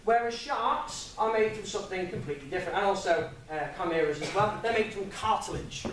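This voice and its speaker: Young man, high voice, chatty and joking, echoey room, mic far off. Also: lively intonation, brisk, fairly bright tone, a little hiss or hum. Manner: chatty, jokey, laughs at own stories. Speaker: guest speaker. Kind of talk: informal public talk. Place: lecture room with audience.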